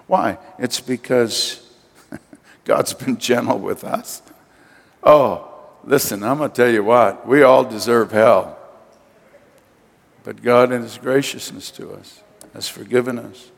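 A man's voice: medium pitch, slow pace, creaky, pauses often. An older man preaching a sermon as pastor, emphatic and calling on his congregation to respond. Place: church sanctuary. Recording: long hall reverb.

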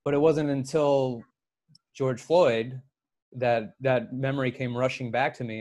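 A man co-hosting a podcast, telling stories in casual chat, animated and full of swearing. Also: mid-range voice, measured pace. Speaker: podcast co-host.

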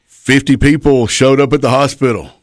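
At a normal pace and medium pitch, with fairly even intonation, a middle-aged ex-wrestler shares rambling, profane backstage tales as a guest. The relaxed storytelling is recorded at studio quality with no echo.

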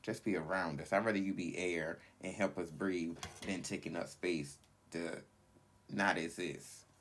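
A man's voice: low-pitched, fairly even intonation, measured pace, fairly bright tone, slight background noise. A man hosting a solo podcast, ranting bluntly and indignantly in a rambling way, filling his talk with "like". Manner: opinionated, rambling, heavy use of "like". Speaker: podcast host.

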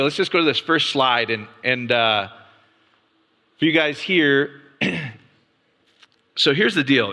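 Bright-voiced man teaching in a reverberant hall. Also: mid-range voice. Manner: casual, peppers points with rhetorical "right?"; frequent restarts and stammered repeats. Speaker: Bible teacher. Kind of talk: conversational Bible teaching with slides. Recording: long reverb of a large hall.

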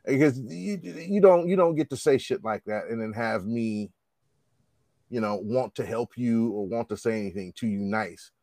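A man's voice: mid-range voice, moderate pace, mellow, no echo. A man in casual conversation, ranting bluntly and profanely. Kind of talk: casual chat.

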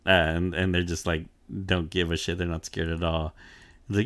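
A man's voice: low voice, fairly even intonation, normal speed, fairly bright tone, no echo. A young man chatting casually on a podcast, laid-back and full of "like" fillers, swearing and laughing as he recaps an anime. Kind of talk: casual chat.

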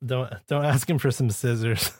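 A man's voice: medium pitch, fairly even intonation, measured pace, no room sound, clean studio sound. A man co-hosting a podcast, chatting playfully and laughing easily. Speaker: podcast co-host. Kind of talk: casual podcast chat.

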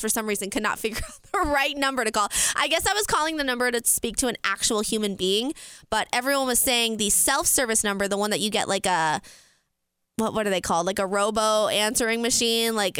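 A young woman telling a story casually, animated and laughing often, with a lot of "like" in her talk. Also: on the high side, smooth, no room sound. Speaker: podcast host.

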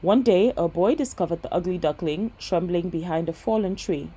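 Low, husky woman reading a bedtime story. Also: moderate pace, mellow, dull audio.

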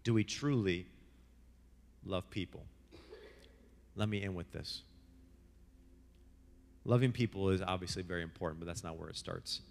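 A man preaching a sermon as pastor, passionate, with big swings between loud, high lines and quiet, low ones. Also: fairly even intonation, normal speed, gravelly, pauses often. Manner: passionate, rises and drops sharply in pitch and volume. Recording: long hall reverb with guitar music.

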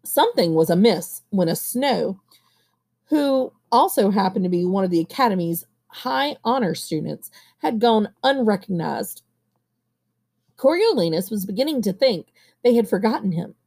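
Gravelly-voiced woman reading a novel aloud. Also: mid-range voice, moderate pace. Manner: steady reading with occasional coughs and self-corrections. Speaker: audiobook reader. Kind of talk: amateur audiobook reading.

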